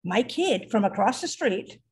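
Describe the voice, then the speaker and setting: A mother in casual conversation, telling an animated story about her teenage daughter. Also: mid-range voice, measured pace, slightly rough. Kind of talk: casual chat.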